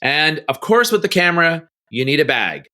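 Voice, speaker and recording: A middle-aged man, a podcast guest, telling a story in a casual interview and acting out quoted dialogue with big pitch jumps. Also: very animated, normal speed, sharp tone.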